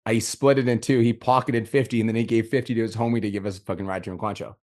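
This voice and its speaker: Casting: male podcast host, quick delivery, loose and profane storytelling. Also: on the low side, steady tone, a little mellow. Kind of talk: casual chat.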